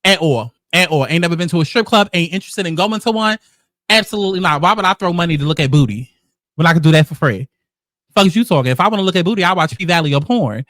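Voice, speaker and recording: A man hosting casual reality-show commentary, telling the story in a sassy, profane, animated way. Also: a little high, quick pace, no echo, studio quality. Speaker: commentary host.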